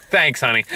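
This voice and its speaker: Guy rambling thru a movie review, laughs a lot, bouncy pitch, dry close sound. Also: pushed and bright, breathy edge, no echo. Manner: rambling, laughs often, trails off mid-sentence. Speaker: movie review show host. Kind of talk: casual movie review chat.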